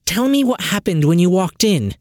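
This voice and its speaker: Male narrator doing a brusque young woman time mage, raised pitch, clipped demands. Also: sing-song, moderate pace, a little mellow, dry recording, clean studio sound. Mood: demanding. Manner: curt and demanding.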